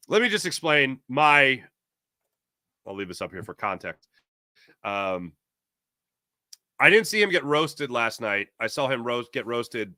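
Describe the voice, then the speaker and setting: A man hosting a sports talk show, reading an ad and the live chat in a jokey, animated way. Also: mid-range voice, slow, long pauses, dry recording, studio quality. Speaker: podcast host.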